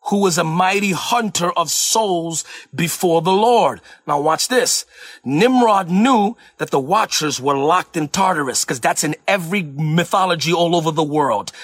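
Preacher, male, from Puerto Rico: emphatic, repeats himself, raspy edge, dry close sound. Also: high-pitched, fairly bright tone, no echo. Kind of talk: sermon-style teaching.

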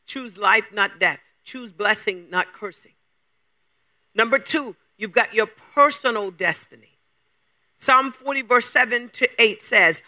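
High-voiced, bright preaching man. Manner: emphatic, fires rapid rhetorical questions. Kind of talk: sermon.

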